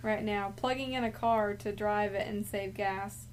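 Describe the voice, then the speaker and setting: A woman's voice: mid-range voice, fairly even intonation, unhurried, a little hiss or hum. A woman co-hosting a casual podcast chat, brash and joking, swearing freely.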